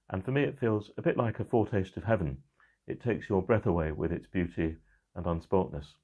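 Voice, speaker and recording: A middle-aged man, a church minister, giving a measured, reflective midweek talk that slows on key phrases. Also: low-pitched, a little mellow.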